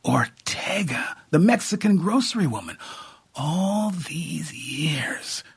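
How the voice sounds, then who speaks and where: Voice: medium pitch, huge pitch swings, takes it slowly, husky, pitched above the performer's own voice, exaggerated voice. A reader putting on a folksy country aunt. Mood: hushed. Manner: folksy rural speech with double negatives. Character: plainspoken rural aunt, middle-aged woman, warm and shrewd.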